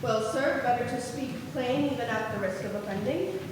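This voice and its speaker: A woman's voice: a little high, moderate pace, close to an everyday voice. Brief: blunt, disapproving captain, played by a woman, distant and noisy. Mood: stern. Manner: plain-spoken, disapproving. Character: blunt, stern ship's captain. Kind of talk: high school stage acting. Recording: distant echoey hall, noisy.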